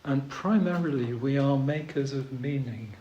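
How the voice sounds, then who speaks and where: A man giving a dharma talk as a Zen teacher, hesitant with many pauses and ums, gently humorous. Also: medium pitch, lo-fi sound, slight background noise. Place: retreat meditation hall. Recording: roomy hall with faint ambience.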